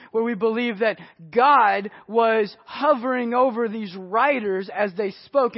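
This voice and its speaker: High-voiced male pastor preaching. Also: breathy edge, no echo. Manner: earnest, swings from hushed to emphatic. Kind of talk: sermon. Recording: dry, dull lo-fi audio.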